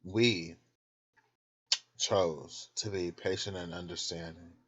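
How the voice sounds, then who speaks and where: A man's voice: deep voice, fairly even intonation, takes it slowly, fairly bright tone, slightly rough, lo-fi sound. A man hosting his own channel, rambling candidly and loosely from bed at home, snacking and laughing as he talks. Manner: snacking while talking. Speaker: tarot channel host. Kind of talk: casual late-night rambling vlog.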